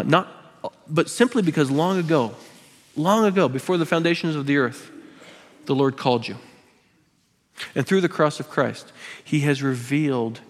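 A man preaching a sermon as pastor, driving points home by repeating phrases and slipping in joking asides. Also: medium pitch. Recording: long hall reverb.

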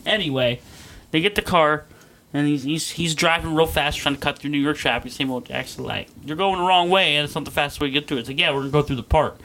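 A man's voice: a little high, fast, sharp tone, slight background noise. A man co-hosting a podcast, casually retelling a movie plot with loose, profane asides. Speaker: podcast co-host. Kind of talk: casual chat recapping a movie.

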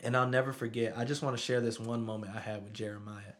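This father, in his thirties, tells his story quickly in a medium-pitched, steady voice. It's a casual conversation, and he frequently asks "you know what I'm saying".

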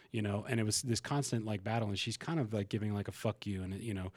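Low-voiced guy on a podcast, raw and frank, swears a lot, stumbles and restarts, dry close mic. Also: fairly even intonation, racing, few pauses, no echo. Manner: emotional and frank, swears, frequent restarts and fillers. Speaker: podcast guest. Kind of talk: candid conversational storytelling.

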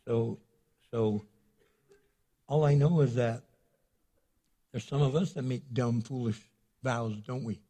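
Husky-voiced man preaching casually. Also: medium pitch, fairly even intonation, takes it slowly, long pauses, dark tone. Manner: casual storytelling with many restarts. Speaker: pastor. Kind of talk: sermon.

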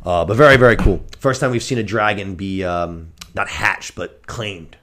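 A man co-hosting a podcast, recapping a TV episode in a casual, animated and profane way. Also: fairly low pitch, moderate pace. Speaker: podcast co-host.

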